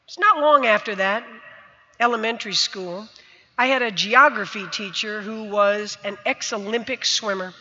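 A woman in her sixties from the United States gives a vivid personal storytelling speech on a stage, in a high-pitched, sharp voice. The recording sounds dull and carries long hall reverb.

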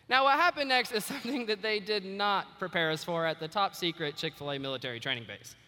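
A man's voice: high voice, fast talker, few pauses, pushed and bright. A young man giving a storytelling speech to an audience, acting out bits of dialogue with shifting voices. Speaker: student officer giving a speech. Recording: echoey hall.

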